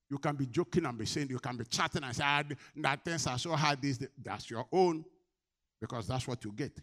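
Speaking in a mid-range voice, a male preacher asks his congregation questions and then answers them. His sermon swings back and forth between loud and quiet.

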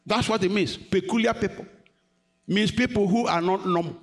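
A man's voice: sits high, normal speed. A man preaching a sermon, questioning the congregation and rising to emphatic peaks. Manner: call-and-response, questioning the congregation.

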